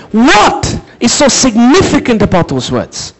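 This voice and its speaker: Man, preacher, sermon, very high voice, animated pitch, dramatic emphasis. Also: low-quality recording. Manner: dramatic, swings from high emphatic shouts to low slow intense delivery; asks the audience to repeat after him.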